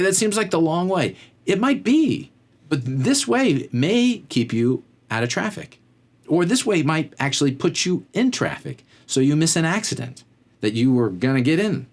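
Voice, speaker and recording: A man hosting a faith-based motivational talk, conversational and rambling, often drifting off on tangents. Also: a little high. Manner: conversational, fills with "like". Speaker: podcast host.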